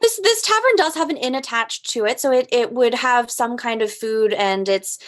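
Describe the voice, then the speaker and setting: A woman narrating as game master of a tabletop game, relaxed and hesitant, with many fillers. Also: on the high side, normal speed.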